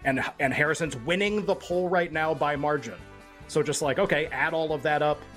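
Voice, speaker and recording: A man's voice: fairly high pitch, a bit bright, faint music behind. A man talking through sports bets in a loose, casual chat, full of fillers and asides. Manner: quick, loose and conversational, lots of fillers. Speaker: sports betting analyst.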